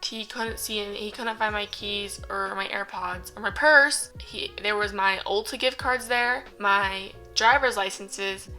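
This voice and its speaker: A woman's voice: medium pitch, measured pace, few pauses, pushed and bright, faint music behind, low-quality recording. A young adult woman vlogger telling a story casually to a phone camera, with joking asides to the viewer.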